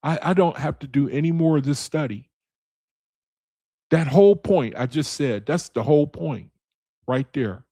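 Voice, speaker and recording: A man's voice: a little high, lively intonation, moderate pace, pauses often, warm tone, dry recording, clean studio sound. A man leading a casual video Bible study, talking straight to his viewers, repeating his points and calling them brethren and man, with speech.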